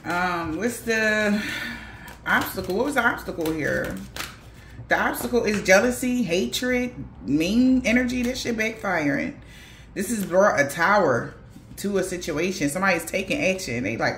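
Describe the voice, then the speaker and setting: A woman's voice: mid-range voice, animated, moderate pace, a bit bright, a little hiss or hum. A woman doing a casual tarot reading for viewers, talking bluntly in slangy, profane speech with laughing asides. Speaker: tarot reader. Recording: echoey room.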